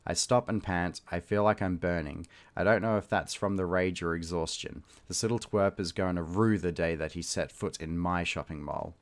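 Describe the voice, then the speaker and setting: A man's voice: low-pitched, normal speed, hardly any pauses. A man reading a short story aloud, with loose, chatty asides where he laughs at himself. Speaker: reader and host.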